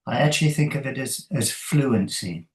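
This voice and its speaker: A man, a coach and interview guest, talking thoughtfully in a halting way with many fillers and soft laughs. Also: mid-range voice, lively intonation, rough recording. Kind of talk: conversational interview.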